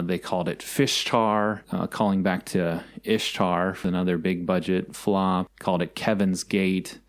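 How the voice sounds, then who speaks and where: Low-voiced male co-host, thirties, rambling casual banter. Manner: rambling, self-correcting, teasing. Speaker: podcast co-host. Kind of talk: casual chat.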